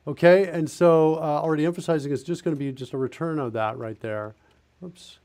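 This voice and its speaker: Gravelly man live-coding aloud. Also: on the high side, brisk, darkish tone. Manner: thinking aloud while typing, self-correcting. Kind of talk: casual live-coding narration.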